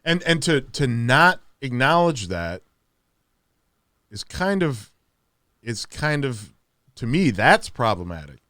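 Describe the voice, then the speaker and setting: A man hosts a casual podcast, his pitch leaping up and down as he talks. He stumbles and repeats words, and the sound is dry and close. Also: big pitch swings, bright, forceful tone, no room sound. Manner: halting, repeats words, laughs often. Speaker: podcast host.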